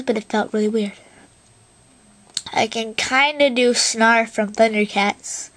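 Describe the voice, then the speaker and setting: A woman's voice: fairly high pitch, steady tone, measured pace, long pauses, a bit bright. A woman rambling through a casual vlog, self-deprecating and fighting a bad cough. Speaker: video creator.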